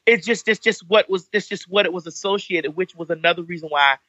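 A young woman telling a story in casual chat, animated and campy, jumping up to a high squeaky voice for the people she quotes. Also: fairly quick, no room sound, lo-fi sound. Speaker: podcast guest telling a story.

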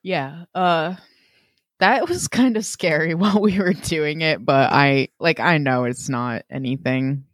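A man's voice: a little high, measured pace, fairly bright tone, no room sound. Easygoing guy on a podcast, jokes around, lots of likes and ums, dry sound. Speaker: podcast co-host. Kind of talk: casual chat.

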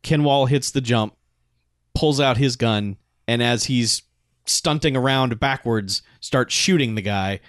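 A man in casual chat recapping a film, laughing often and acting out lines in quick asides. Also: medium pitch, dry recording, clean studio sound. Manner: laughing, acts out quotes.

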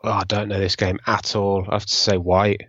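A man's voice: lowish voice, level tone, a little fast, a bit bright, slightly rough, lo-fi sound. A man in casual chat, joking and self-mocking as a quiz contestant. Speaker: podcast co-host, quiz contestant.

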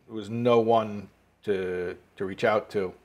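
A man's voice: on the low side, steady tone, takes it slowly. A man teaching a Torah class as a rabbi, telling a story and explaining it, with Hebrew and Yiddish words mixed in and rising emphasis.

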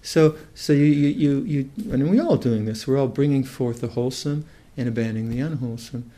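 In a warm, mid-range voice, an older Buddhist meditation teacher offers a reflective dharma talk. His delivery is thoughtful and halting, with sentences he often restarts.

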